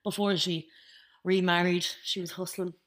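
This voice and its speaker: A woman's voice: lowish voice, little pitch movement, normal speed, a bit bright. A young woman co-hosting a podcast, telling stories in casual chat and laughing often. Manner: laughing storyteller, banters. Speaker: podcast co-host.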